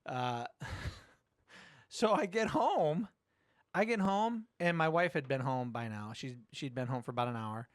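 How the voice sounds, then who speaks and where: A middle-aged man hosting a podcast, telling a story in casual chat, animated, swearing and acting out quotes. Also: mid-range voice, a little slow, no echo, clean studio sound. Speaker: podcast host.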